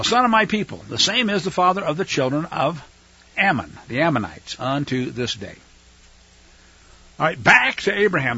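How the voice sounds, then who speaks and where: A man's voice: on the high side, bright, forceful tone, breathy edge. A man teaching through a Bible passage verse by verse, reading it aloud, explaining Hebrew words and adding casual, chatty asides. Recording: dull lo-fi recording.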